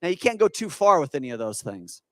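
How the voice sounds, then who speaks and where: A man giving an energetic, persuasive stage talk at a business expo, quizzing the audience with rhetorical questions. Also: fairly high pitch, fast talker, no echo. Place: conference hall with audience.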